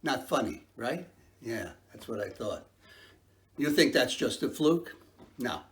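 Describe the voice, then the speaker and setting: A man's voice: medium pitch, sing-song, a little slow. An actor playing a man who fears he has lost his sense of humor, in a rueful, self-mocking stage monologue.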